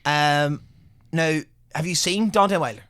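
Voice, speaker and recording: A man's voice: fairly high pitch, a little slow, a bit bright, no room sound, clean studio sound. A young man co-hosting a podcast, joking and swearing in casual chat. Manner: joking, tangent-prone, swears. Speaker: podcast co-host.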